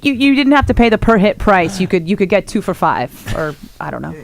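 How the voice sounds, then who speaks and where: A woman's voice: medium pitch, sing-song, brisk, gravelly, a little hiss or hum. A woman hosting a radio show, chatting with guests and laughing often. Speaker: radio host. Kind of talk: casual radio interview.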